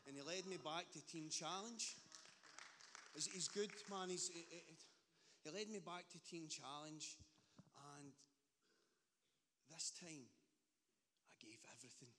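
A man's voice: a little high, unhurried, background noise. A young Scottish man giving a fervent personal faith testimony, emphatic and prone to stammered restarts. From Scotland. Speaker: ministry support worker giving testimony. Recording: long reverb in a large hall.

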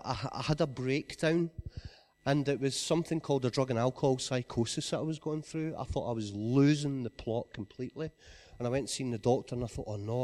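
A man with a Scottish accent giving an earnest personal testimony, often dropping to a quiet voice. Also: medium pitch.

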